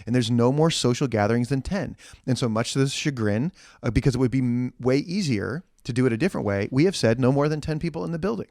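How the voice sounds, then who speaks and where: A man of middle pitch co-hosting a church podcast, talking in earnest, ranting bursts full of restarts. He is close on the mic in a dead, dry room. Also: fast, hardly any pauses, a little mellow, dry recording. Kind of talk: casual chat.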